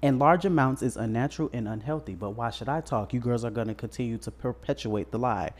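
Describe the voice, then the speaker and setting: A man's voice: medium pitch, fast talker. A man co-hosting a podcast in a casual chat, telling a story bluntly with crude slang. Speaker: podcast co-host.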